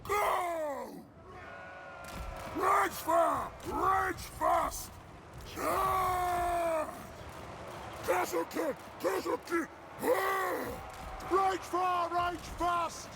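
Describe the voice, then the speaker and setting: A man voicing gruff male dwarf soldiers who bark short battle cries, as video game unit voice lines. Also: very high voice, drawn-out words, long pauses, full character voice. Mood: shouting commands. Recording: loud battle noise behind.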